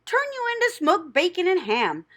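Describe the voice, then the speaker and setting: Blunt gossipy old ewe played by a woman, snappish, lively storybook voice. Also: very high voice, normal speed, voice pushed up, full character voice. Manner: matter-of-fact, snappish.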